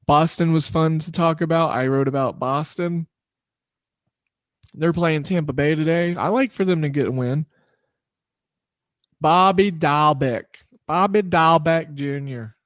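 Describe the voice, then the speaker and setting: Casual sports betting podcast host, dry sound. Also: male voice, a little high, normal speed, no room sound. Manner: loose, rambling, self-deprecating. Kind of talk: casual solo podcast talk.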